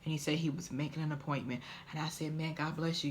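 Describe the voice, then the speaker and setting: Woman vlogger, low-pitched, tearful and stumbling, slipping into whispers, faint background hiss. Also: fairly even intonation. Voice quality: often drops to a soft whisper. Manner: halting, tearful, stumbling over words. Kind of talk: emotional personal vlog.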